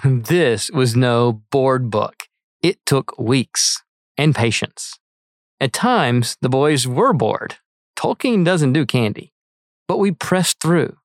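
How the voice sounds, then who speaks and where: An earnest middle-aged man reads his own essay aloud at a measured pace. His voice sits at an ordinary middle pitch. The recording is dry and close, with no room sound. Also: no echo. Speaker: author reading his article. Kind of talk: read-aloud essay narration.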